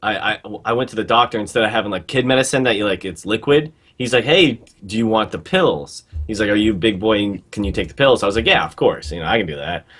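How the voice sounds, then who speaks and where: A man on a casual podcast, telling a childhood story quickly with stops and restarts. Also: on the low side, animated, a bit bright. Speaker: podcast co-host. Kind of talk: casual chat.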